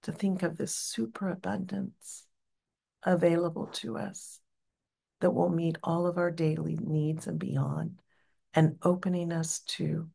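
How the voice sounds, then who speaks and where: Slow, low-voiced woman leading a chant. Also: little pitch movement, gravelly, breathy edge. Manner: gentle, unhurried, encouraging. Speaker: spiritual teacher. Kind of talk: guided devotional chanting practice.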